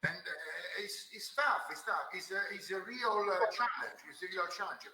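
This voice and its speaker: Italian-accented male player, hesitant, bright and high. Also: normal speed, gravelly, roomy sound, poor audio. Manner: hesitant, self-critical, laughs easily. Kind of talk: post-match interview.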